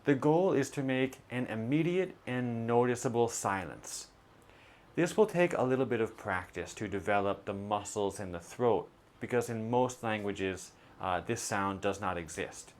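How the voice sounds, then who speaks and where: A man teaching a pronunciation lesson, modeling sounds slowly and deliberately. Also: fairly low pitch, lively intonation.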